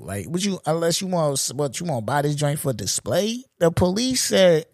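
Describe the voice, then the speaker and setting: A man in his forties hosting a solo podcast, ranting in a loose, profane, animated way and laughing at his own jokes. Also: a little high, normal speed, few pauses, no room sound, studio quality. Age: 40s. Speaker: podcast host. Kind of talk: solo comedic podcast rant.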